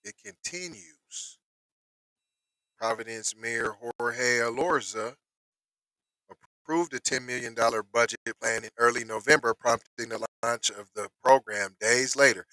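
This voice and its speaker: A man casually commenting on news he reads aloud, slangy and animated, with excited outbursts, on a close mic in a dry small room. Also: medium pitch, a little slow, dry recording, low-quality recording.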